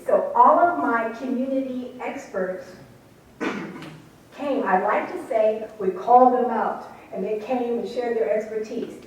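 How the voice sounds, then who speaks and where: A woman's voice: fairly high pitch, a little slow. A middle-aged woman who once ran a radio station, telling a story to an audience and acting out the voices she quotes. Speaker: radio station manager recounting events. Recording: echoey room from far off, faint noise.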